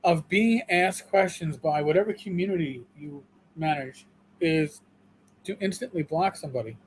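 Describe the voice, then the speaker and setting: Emphatic New York male co-host, high voice, faint noise behind. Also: moderate pace, rough recording. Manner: emphatic, repeats and restarts words. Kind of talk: casual livestream discussion.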